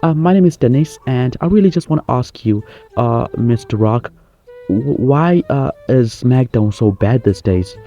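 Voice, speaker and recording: Man voicing a hesitant high-pitched reporter. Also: animated, warm tone, faint music behind, lightly acted. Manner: hesitant, drawn-out questions. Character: nervous young male reporter asking slowly.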